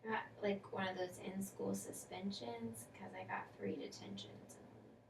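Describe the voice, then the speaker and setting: A woman's voice: mid-range voice, steady tone, moderate pace, creaky, lightly acted. A woman playing a tired, unsure schoolgirl in a counseling role-play, talking hesitantly with many fillers. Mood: subdued. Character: female schoolkid client, tired, restless, unsure. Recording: echoey room, distant mic, faint noise.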